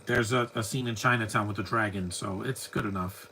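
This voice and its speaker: Man, live film commentary, rambling and opinionated, bright forward tone. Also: on the low side, steady tone, brisk, slight background noise, low-quality recording. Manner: chatty, opinionated, rambling asides.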